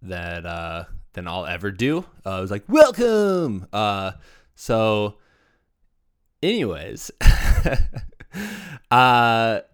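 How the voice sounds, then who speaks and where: Chatty low-voiced male podcast host. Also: takes it slowly, a bit bright, clear, resonant tone, no echo, studio quality. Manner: chatty, self-deprecating, lots of fillers and restarts. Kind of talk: casual podcast intro.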